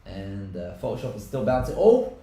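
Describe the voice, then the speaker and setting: A man co-hosting a live tech stream, chatting casually and wryly as he tries out software. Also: medium pitch, normal speed. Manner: chatty, wry commentary on software trials. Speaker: tech show co-host. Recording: very echoey room.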